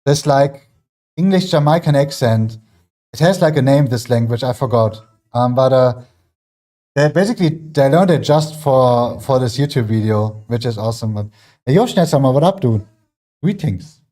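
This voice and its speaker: A man's voice: mid-range voice, lively intonation, normal speed, mellow. A man with a German accent, a fitness livestreamer, chatting casually and rambling with many fillers while training in his home gym. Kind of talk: casual chat while working out.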